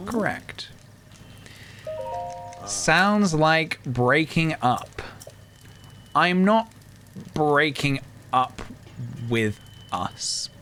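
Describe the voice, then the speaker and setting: A man streaming a game live, talking in a wry, deliberate way and choosing his words carefully. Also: fairly high pitch, lively intonation, a bit bright, faint music behind.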